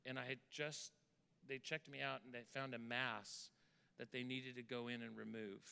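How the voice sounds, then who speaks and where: A man's voice: mid-range voice, level tone, moderate pace, creaky, sharp tone, clean tone. A man preaching as pastor, telling a church member's story in an earnest way and then praying over the congregation. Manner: earnest storytelling, repeats words when moved. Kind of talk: sermon with testimony and prayer. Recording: reverberant hall sound.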